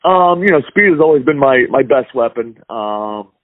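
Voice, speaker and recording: A man's voice: mid-range voice, lively intonation, moderate pace, dry recording. Easygoing man on a tinny phone line. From Wampum, Pennsylvania, USA. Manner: easygoing, lots of fillers and restarts. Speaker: guest, hockey player. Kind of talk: casual interview over phone.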